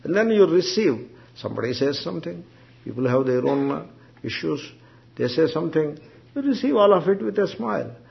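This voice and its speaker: Gentle monk giving a discourse. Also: male voice, fairly high pitch, big pitch swings, gravelly. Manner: unhurried, gentle, storytelling. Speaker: monk teacher. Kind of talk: spiritual discourse. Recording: dull lo-fi recording.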